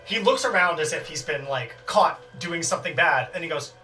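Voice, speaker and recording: A man's voice: a little high, animated, brisk, bright, forceful tone, distant mic, faint music behind. A man narrating as game master of a tabletop game, rambling with many fillers.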